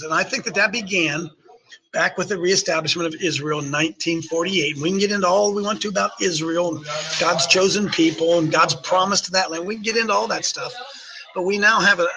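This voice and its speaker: On his opinionated talk radio show, a man speaks in a high, slightly raised register with a bright, forceful edge. He's emphatic, hammering points by repeating phrases and firing rhetorical questions at listeners. The audio quality is poor.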